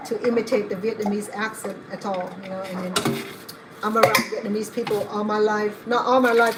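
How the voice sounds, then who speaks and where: A woman's voice: mid-range voice, heavy background noise. A middle-aged woman rambles through a story as she cooks, her voice staying fairly level. She wanders from one tale to the next in an easygoing, chatty way. Running water and kitchen clatter are plain behind her. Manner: rambling, digressive storytelling while cooking. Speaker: home cook and channel host. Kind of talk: chatty cooking vlog. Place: home kitchen.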